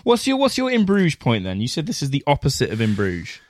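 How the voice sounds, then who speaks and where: A young man co-hosting a casual film podcast, analytical and quick to agree and laugh. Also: mid-range voice, huge pitch swings, a little mellow. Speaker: podcast co-host. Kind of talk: casual film-discussion chat.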